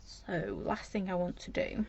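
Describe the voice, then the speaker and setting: A woman's voice: mid-range voice, steady tone, unhurried, gravelly. A chatty woman from Britain, rambling cheerfully while she demonstrates a journal craft project on a live stream. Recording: dull lo-fi livestream audio with faint noise.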